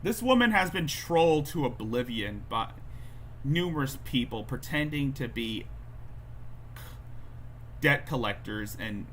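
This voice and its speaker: A man comments slowly and sarcastically on a livestream, his voice bright and sharp. There is faint background noise under him. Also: mid-range voice, animated. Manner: sarcastic, slow, drawn-out. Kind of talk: mocking commentary over a clip.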